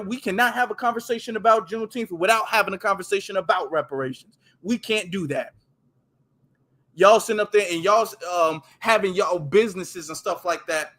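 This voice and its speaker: A man's voice: high-pitched, pushed and bright. A man hosting his channel, giving emphatic, repetitive casual commentary over a video he plays. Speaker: host commenting on street footage.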